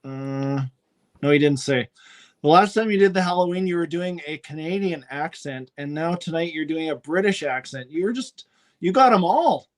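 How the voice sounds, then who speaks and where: A man's voice: on the high side, moderate pace. A man as a podcast guest in casual chat, playfully teasing the host.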